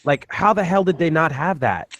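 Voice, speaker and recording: A man guest in a casual podcast chat, animated and swearing freely. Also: fairly high pitch, moderate pace, slight background noise.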